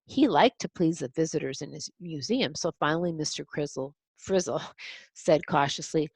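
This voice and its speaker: A woman's voice: sits low, moderate pace, a little mellow, husky, no room sound. A woman reading a picture book aloud to children, explaining words and adding chatty asides. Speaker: storyteller.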